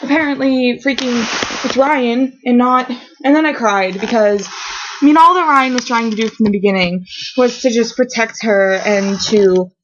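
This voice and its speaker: A woman's voice: a little high, moderate pace, a little hiss or hum. A woman filming a rambling, emotional fan reaction vlog at home, gushing and trailing off mid-sentence. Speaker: vlogger reacting to a TV episode. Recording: dull lo-fi webcam audio.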